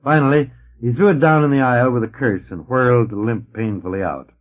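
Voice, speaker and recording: A man reading a science fiction story aloud in an expressive narrating voice, taken from an old, dull-sounding record transfer. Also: medium pitch, a little fast. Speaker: audiobook narrator. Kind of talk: scripted narration.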